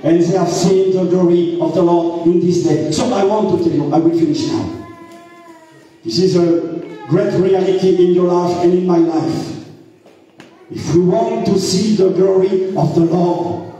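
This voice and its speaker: French male pastor, high mellow voice, slow halting sermon in a big echoey hall heard from a distance. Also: steady tone. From France. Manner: halting, repeats words and uses many fillers. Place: church hall.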